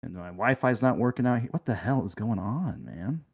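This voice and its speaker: A man's voice: fairly low pitch, expressive, moderate pace, vocal fry, darkish tone, husky. A man on a livestream, flustered as he talks through his internet problems. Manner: flustered, talking through tech trouble. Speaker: tabletop player. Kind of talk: casual livestream chat.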